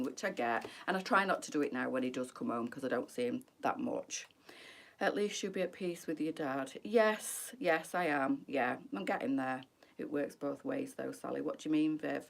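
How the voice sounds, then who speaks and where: A middle-aged woman with a fairly low voice talks openly to her viewers on a live stream. She is candid and emotional, answering comments one by one in a chatty, heartfelt way. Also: normal speed, vocal fry. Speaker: boutique presenter on a live stream.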